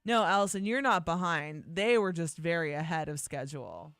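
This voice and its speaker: A woman's voice: lowish voice, normal speed, no echo. A young woman co-hosting a radio show, chatting casually and emphatically. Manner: animated, emphatic, swings into mock voices. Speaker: radio co-host. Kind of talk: casual morning radio banter.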